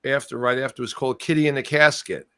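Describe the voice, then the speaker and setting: Male guest, mid-pitched, rambling storyteller, dry video-call audio. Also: steady tone, fast talker, a bit bright, clear, resonant tone, no echo. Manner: rambling, trailing off and restarting. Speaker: guest musician. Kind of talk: casual interview storytelling.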